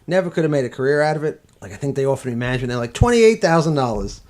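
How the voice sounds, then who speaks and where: A man's voice: medium pitch, lively intonation, very fast, darkish tone, a little hiss or hum. A man co-hosting a casual podcast, rambling through stories with many fillers. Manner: rambling, filler-heavy, laughs easily. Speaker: podcast co-host. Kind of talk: casual chat.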